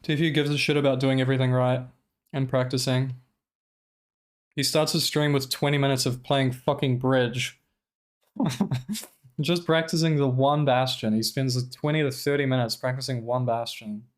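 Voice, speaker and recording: Man, streamer, smooth clear voice, casual profane commentary, exasperated rant. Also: mid-range voice, normal speed. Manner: animated, profane, exasperated ranting.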